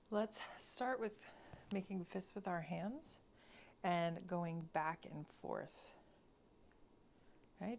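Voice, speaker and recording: A woman leads a mobility class at an unhurried pace, her voice low and edged with vocal fry. She cues each movement calmly and counts down steadily, with a faint hiss of noise behind her. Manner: slow, calm cueing with counted breaths. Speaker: mobility instructor. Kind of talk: guided exercise class.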